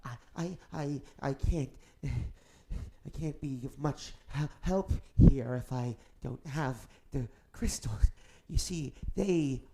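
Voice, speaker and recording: A man's voice: mid-range voice, slow pace, gravelly, heavy background noise. A man voicing a fretful old male curator who stammers and frets. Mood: flustered. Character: old flustered male curator, fortune-teller.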